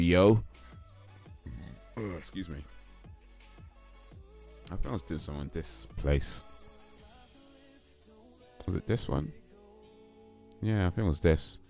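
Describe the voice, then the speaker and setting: Young man, game streamer, deep low voice, rambling casual chat, faint music underneath. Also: dark tone. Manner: rambling, laid-back, slangy. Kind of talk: casual live-stream chat while gaming.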